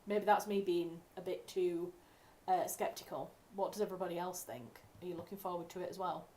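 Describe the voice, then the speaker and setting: A woman's voice: fairly low pitch, steady tone, brisk, darkish tone. Chatty woman rambling on a livestream. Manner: chatty, rambling, self-correcting. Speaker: writer hosting a livestream. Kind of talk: casual livestream chat. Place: home room.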